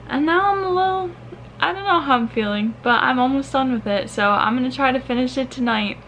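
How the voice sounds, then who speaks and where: A woman's voice: high voice, fairly quick, a bit bright, slight background noise, low-quality recording. A young woman vlogger from the American Midwest, talking casually and emotionally about a book she loved, teary-voiced, with frequent sighs and trailing-off restarts. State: teary, crying.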